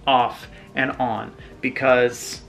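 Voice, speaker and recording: Speaking extremely slowly in a mid-range voice with vocal fry, a guitar builder guides viewers through a hands-on tutorial in his home workshop. The host keeps a relaxed tone, going step by step and occasionally restarting.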